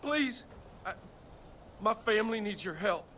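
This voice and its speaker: Brief: profane, bright-voiced game pilot, jumpy and loud-mouthed. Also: male voice, high voice, animated, a little hiss or hum, full character voice. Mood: panicked. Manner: swears a lot, quick swings between panic and cheer. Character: desperate rural pilot, profane and excitable. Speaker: bush pilot.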